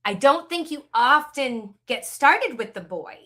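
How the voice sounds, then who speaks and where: A woman's voice: sits high, expressive, a little slow, sharp tone. A middle-aged woman co-hosting a casual book chat, candid and chatty with strong opinions. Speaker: podcast co-host.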